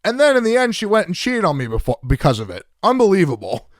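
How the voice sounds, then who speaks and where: Lively, animated male talk host. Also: high voice, fast, no echo, clean studio sound. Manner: friendly, agreeable, laughs along. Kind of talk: casual chat.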